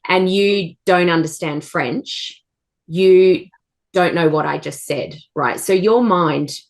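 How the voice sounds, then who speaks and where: A woman with a lowish voice speaks slowly in a casual chat as co-host and coach. She is enthusiastic and encouraging, offering everyday examples.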